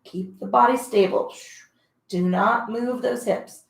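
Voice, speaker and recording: A woman's voice: fairly high pitch, slow pace, creaky. A woman leading a casual Pilates class, talking through each move, cueing breaths and counting reps while exercising along. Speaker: Pilates instructor. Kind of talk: casual guided workout instruction. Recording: echoey room.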